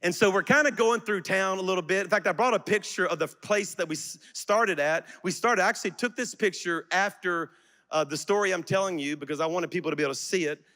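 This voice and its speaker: A middle-aged man preaching a sermon, telling a personal story that swells into fervent, shouted exhortation to the congregation. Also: high-pitched, quick pace. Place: large auditorium church. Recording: long reverb of a large auditorium.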